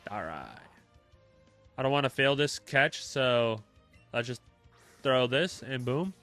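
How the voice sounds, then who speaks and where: A young man chatting casually with his live-stream chat, relaxed and talkative, with many fillers. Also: mid-range voice, slow, soft background music.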